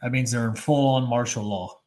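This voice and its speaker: A man co-hosting a live stream, chiming in with quick remarks and frequent laughs. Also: mid-range voice, steady tone, a little mellow. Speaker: co-host. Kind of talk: casual live-stream chat.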